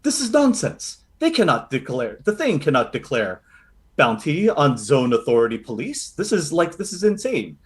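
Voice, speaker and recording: A man's voice: fairly high pitch, big pitch swings, normal speed. A man voicing an alarmed male recruit instructor in a tabletop game, speaking in a flustered, urgent way. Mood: indignant.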